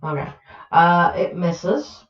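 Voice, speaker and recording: A woman running a tabletop game as game master, relaxed and hesitant with many fillers. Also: lowish voice, slow pace, roomy sound, highs cut off.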